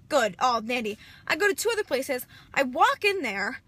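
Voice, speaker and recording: A woman's voice: sits high, sing-song, moderate pace, fairly bright tone, breathy edge. A young woman chatting through a casual vlog, rambling and dramatic. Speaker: vlogger.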